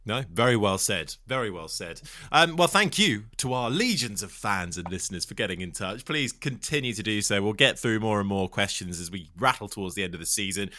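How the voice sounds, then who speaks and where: Bright, lively male podcast co-host. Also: on the low side, no room sound, clean studio sound. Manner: quick, teasing, wraps up the show. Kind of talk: casual chat.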